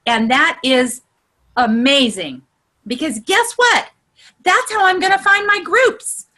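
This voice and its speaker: A woman giving a casual online training session over a video call, chatty and exclamatory, her voice climbing high whenever she gets excited. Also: slow. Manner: chatty and exclamatory, with many "look" and "you know". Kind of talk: casual instructional talk.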